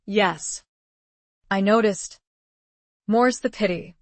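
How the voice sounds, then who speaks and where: A man's voice: high-pitched, slow, dry recording. A woman reading an audiobook, voicing a languid, teasing roguish noble husband.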